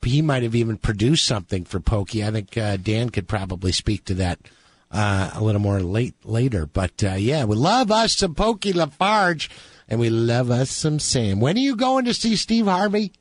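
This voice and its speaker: A man's voice: mid-range voice, lively intonation, normal speed, dry recording. A man hosting a radio music show, chatting casually and joking with his guest. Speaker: radio host.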